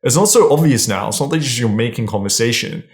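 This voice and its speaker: A man's voice: medium pitch, lively intonation, fairly quick. A man giving casual, blunt dating advice straight to camera, swearing freely and often checking in with "right?". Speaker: dating coach.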